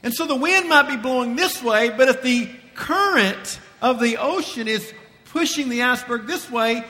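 A man preaching a sermon to his congregation, with slow, emphatic, drawn-out phrasing. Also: very high-pitched, bright, forceful tone. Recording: long hall reverb.

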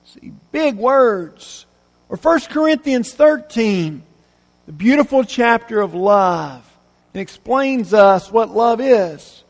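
A man preaching a Sunday sermon to his congregation, earnest and unhurried, with pauses filled by "uh". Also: very high voice, a bit bright. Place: church sanctuary. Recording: reverberant church sanctuary.

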